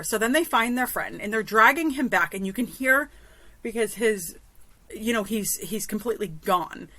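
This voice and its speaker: A woman in her thirties hosts a podcast and talks through a story in a loose, chatty monologue. Her pitch sits in the middle of the usual range for a woman, and her asides carry an exasperated edge. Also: sharp tone, no echo. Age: 30s. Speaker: podcast host.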